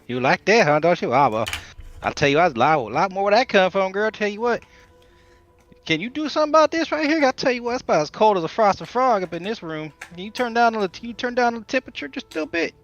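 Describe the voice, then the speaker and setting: A man's voice: high-pitched, lively intonation, fast talker, fairly bright tone. Folksy drawling rabbit-man, stammers, chatty, played by a man, dull sound. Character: folksy rabbit-eared man, talkative charmer.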